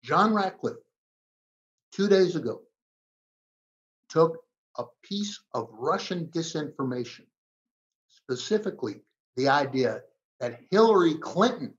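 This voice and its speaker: A man making his case insistently in a heated political debate, leaning on dramatic pauses. His pitch rises and falls in wide swings. The recording sounds slightly dull. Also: sing-song. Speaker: guest commentator.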